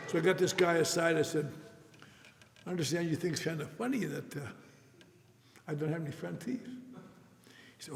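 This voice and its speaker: A man's voice: high voice, expressive, measured pace, vocal fry, pauses often. Older man telling wry recovery stories. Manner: wry, storytelling, self-mocking humor. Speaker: speaker sharing his recovery story. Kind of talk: recovery meeting talk. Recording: echoey hall recording with faint noise. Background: audience laughter.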